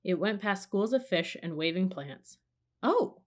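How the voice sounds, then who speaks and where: Woman, storybook reader, calm, measured, lowish voice. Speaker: audiobook reader. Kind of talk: storybook narration.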